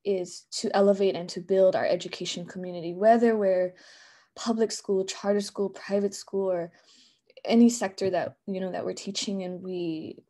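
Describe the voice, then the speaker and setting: A woman gives an informal conference presentation over a video call. Her voice is mellow and warm, and her speech is chatty, with many fillers and restarts. She sits at middle pitch. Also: fairly even intonation, moderate pace. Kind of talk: casual live online presentation.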